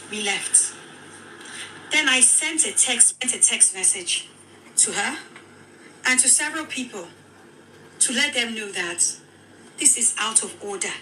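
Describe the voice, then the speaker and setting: A Nigerian woman telling her own account as a widow in a very bright, somewhat high voice. She is animated and acts out the dialogue as she tells it. Faint noise sits under the recording. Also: poor audio. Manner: animated, quoting others in dialogue. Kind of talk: emotional personal account.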